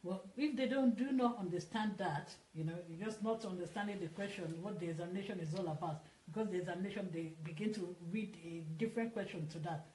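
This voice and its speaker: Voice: medium pitch, quick pace, hardly any pauses, a little mellow. Distant voice in an echoey room, faint hiss. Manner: earnest and reflective, building points step by step. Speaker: co-host reading scripture. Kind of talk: Bible study discussion.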